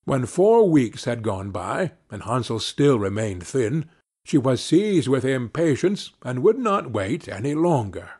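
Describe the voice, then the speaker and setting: A man narrates a children's fairy tale as an audiobook. His delivery is slow and unhurried, and his voice sounds husky. His pitch moves in a lively, expressive way.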